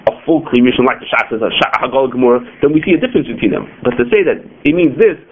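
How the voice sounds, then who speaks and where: A man leads a class on religious law and talks at a brisk clip. He keeps checking in with "okay" and "you know" as he explains. The sound is thin and phone-like. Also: mid-range voice, lively intonation. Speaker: teacher leading a kosher-law class. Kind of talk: classroom lecture. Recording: tinny phone-like lo-fi recording.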